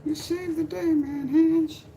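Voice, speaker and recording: A man putting on a falsetto voice as a helpless, fussy woman who begs for a strong man's help. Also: steady tone, takes it slowly, exaggerated voice. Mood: mock pleading. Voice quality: shrill falsetto. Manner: exaggerated mock pleading. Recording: noisy background ambience.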